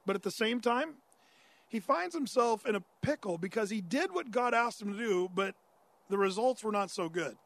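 A pastor teaching through a Bible passage in a conversational sermon, raising listener questions and answering them, with frequent "uh" fillers and restarts. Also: male voice, high voice, animated, normal speed, fairly bright tone, no room sound.

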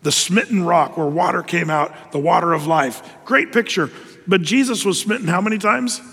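A man preaching a sermon, telling the story lively with acted asides. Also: high-pitched, moderate pace, gravelly, husky, big-room sound.

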